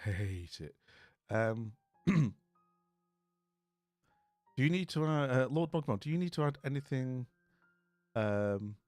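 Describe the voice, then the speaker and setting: A friendly man chats away to his viewers in a mid-pitched voice. He rambles, stumbles and restarts often. The sound is dry and close, with faint music underneath. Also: lively intonation, slow, pauses often, darkish tone, no echo. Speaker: streamer chatting with viewers. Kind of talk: casual chat.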